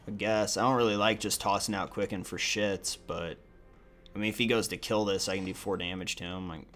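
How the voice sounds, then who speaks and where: A young man giving crude, joking commentary over a card video game, swinging from low mutters to loud cheering. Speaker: gaming YouTuber. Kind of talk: profane gameplay commentary.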